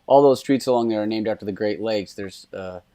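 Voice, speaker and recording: A man's voice: lowish voice, brisk, mellow, smooth, dry recording. A man co-hosting a podcast, chatting casually in a rambling, loose way. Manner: rambling, loose, with many "uh"s and laughs. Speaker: podcast co-host. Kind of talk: casual chat.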